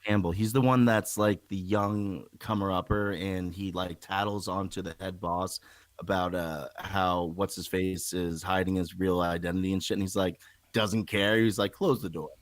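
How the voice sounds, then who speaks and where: Man, very deep voice, casual podcast talk, excited, profane, dry close sound. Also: moderate pace, no room sound. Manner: enthusiastic and profane, swears freely.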